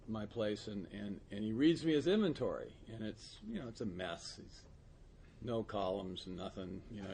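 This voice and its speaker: A man's voice: on the low side, creaky. Guy telling a funny story, laughs a lot, voice jumps all over, noisy hissy recording. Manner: amused, often laughing mid-sentence, lively retelling with quoted voices. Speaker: podcast guest in recovery. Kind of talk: casual storytelling chat.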